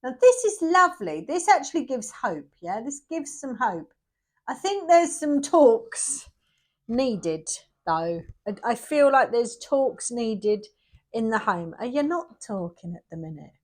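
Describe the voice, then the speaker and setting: A talkative middle-aged woman doing a casual tarot reading. Her voice sits a little high and she talks in emphatic, repeated bursts. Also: very animated, measured pace. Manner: chatty, emphatic and repetitive, with bursts of energy. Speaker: tarot reader.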